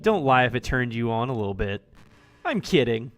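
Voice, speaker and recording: A man's voice: medium pitch, sing-song, moderate pace, fairly bright tone, soft background music, pitched below the performer's own voice. A man reading aloud a cheerful young female club president from a visual novel, in a playful, teasing way.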